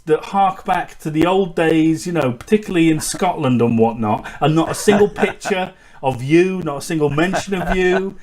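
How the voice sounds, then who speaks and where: A man hosting a casual podcast chat, animated and often laughing. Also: high voice. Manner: animated, laughing, quick asides. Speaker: podcast host. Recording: faint background noise.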